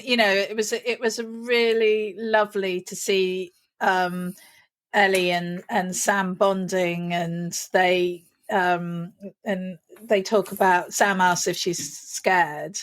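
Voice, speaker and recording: A woman, co-hosting a podcast, talking emotionally in a rambling way. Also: fairly low pitch. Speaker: podcast co-host. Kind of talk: casual chat.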